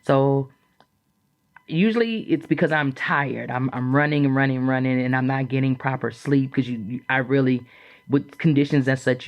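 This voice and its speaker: A woman guest on a podcast telling a personal story in a frank, chatty way, acting out what others said with big leaps in her voice. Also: highs cut off. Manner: animated, acts out quoted voices with big jumps in pitch; frank and chatty, with frequent fillers.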